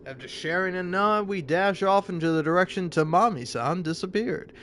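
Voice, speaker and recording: A man's voice: high-pitched, animated, moderate pace, a bit bright, slight background noise. Rambling, sarcastic young man commentating. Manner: rambling, sarcastic, stammering and profane. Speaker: gameplay commentator. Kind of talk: casual gameplay commentary.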